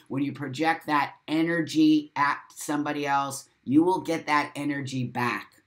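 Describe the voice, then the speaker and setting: A man hosting a live stream show, reading out viewer comments and talking in an emphatic way, repeating phrases for stress. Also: on the high side. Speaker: host of a live talk show.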